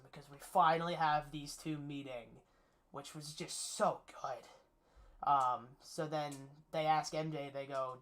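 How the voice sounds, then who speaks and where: A man's voice: medium pitch, a bit bright. A man giving a casual spoiler recap of a movie's plot, eager and rambling, with lots of fillers. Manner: enthusiastic, rambling, with many fillers. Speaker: movie reviewer.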